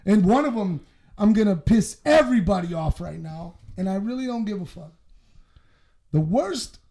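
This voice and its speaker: A man's voice: high-pitched, expressive, normal speed, warm tone, slight background noise. A man co-hosting a casual podcast, blunt and profane, telling stories with lots of animation. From Southwest Detroit. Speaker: podcast co-host.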